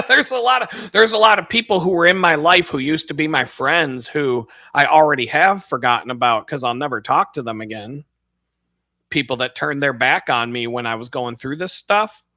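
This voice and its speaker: A man's voice: medium pitch, pushed and bright, dry recording, clean studio sound. A man on a live stream, ranting casually in a profane, rambling, mocking way. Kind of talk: casual rant.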